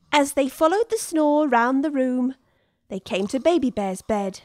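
A woman reading a children's story aloud, expressive and unhurried. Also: high voice. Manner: slow, lively, expressive. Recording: dry studio with soft music.

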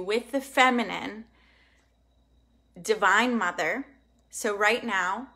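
A young woman hosting an online manifesting workshop, talking in an emphatic, excitable and casual way, swearing now and then. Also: medium pitch. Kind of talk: live online workshop teaching.

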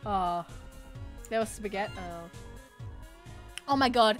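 Young woman gaming streamer, excitable, swears a lot, unhurried delivery, faint game music. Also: medium pitch. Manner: excitable and loud, swears often, with frequent squeals. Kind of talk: live gaming stream commentary.

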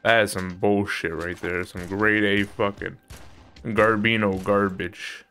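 A man's voice: fairly low pitch, little pitch movement, unhurried, faint music behind. A man streaming a shooter game, swearing and complaining about his health as enemies kill him. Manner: frustrated, swearing, yelling at the game. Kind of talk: casual gameplay commentary.

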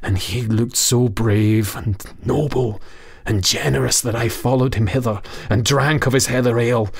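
A man's voice: mid-range voice, steady tone, moderate pace, creaky, slightly rough, voice pushed up. A man voicing a sorrowful, wrinkled old goblin who was once a mortal, in a storybook reading, wailing and whispering. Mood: wailing lament.

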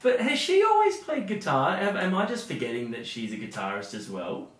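An Australian man co-hosting a music reaction show, jokey and animated in casual chat. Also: on the high side, fairly quick. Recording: roomy sound, mic at a distance.

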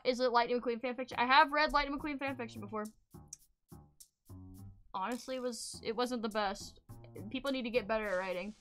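Hyper young woman streamer, high and bright, swearing, yelling, faint music behind. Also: animated, moderate pace. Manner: loud, hyper, swearing, sudden yells. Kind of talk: casual chat with viewers. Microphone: streaming desk mic.

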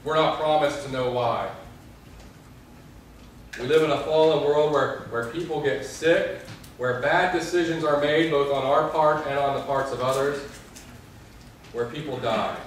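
A man's voice: fairly high pitch, a little slow, pauses often, a little hiss or hum. A young adult man, a pastor, preaching an earnest sermon and telling stories with quoted prayers. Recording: echoey hall, mic far off.

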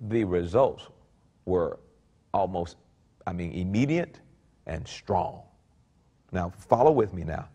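Here a middle-aged man preaches, alternating scripture readings with his own remarks, and his voice keeps shifting between soft, low murmuring and sudden high exclamations.

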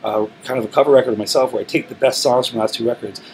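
A man talks easily about his music, voice at a middle pitch, restarting his sentences as he goes. There is a faint hiss of room noise behind him. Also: rapid-fire, gravelly, rough recording. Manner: relaxed, rambling storytelling with frequent restarts. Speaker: musician, interview guest. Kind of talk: casual interview talk. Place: recording studio.

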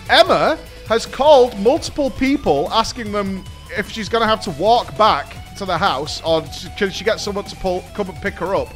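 A British man in his thirties hosting a podcast, telling a story in a casual, animated way and swearing freely. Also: sits high. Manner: animated, swears, laughs while telling stories. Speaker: podcast host.

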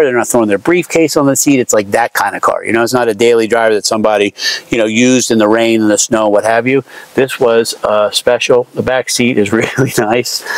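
An enthusiastic man giving a casual, chatty sales walkaround of a car in a showroom, with lots of fillers. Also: medium pitch.

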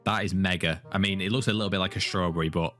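A man's voice: low voice, fairly even intonation, fast, a bit bright, soft background music. A young man, hosting a gaming video in sweary, jokey banter. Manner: swears freely, jokey, talks to himself while drawing. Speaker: video host.

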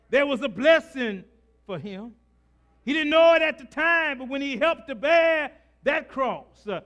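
A man preaching a sermon in a rhythmic, repetitive style with frequent "uh" fillers, building to shouted climaxes. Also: very high-pitched.

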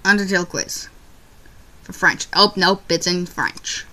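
A young woman commenting on her own gameplay, excitable and quick to yelp and shriek when things go wrong. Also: lowish voice. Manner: excitable, yelps and shrieks at failures. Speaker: gaming YouTuber.

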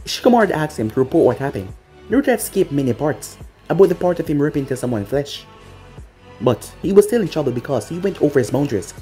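A narrator reading a fan story aloud in a plain, even manner. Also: medium pitch, quick pace, soft background music.

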